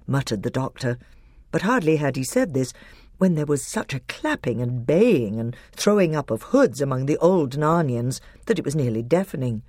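A woman reading a storybook aloud as narrator, with expressive storytelling. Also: rumbling low, moderate pace, husky, dry recording, clean studio sound. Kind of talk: audiobook narration.

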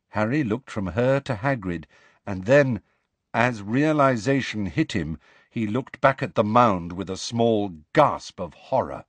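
Expressive male audiobook narrator. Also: on the low side, a little slow, dry recording. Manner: expressive storytelling. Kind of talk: scripted narration.

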